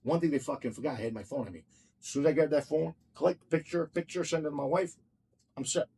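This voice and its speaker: A man's voice: a little high, quick pace, vocal fry, mellow, slight background noise. A man who owns a restaurant tells a heated, profane story in an interview, blunt and swearing constantly as he acts out each exchange. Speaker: restaurant owner.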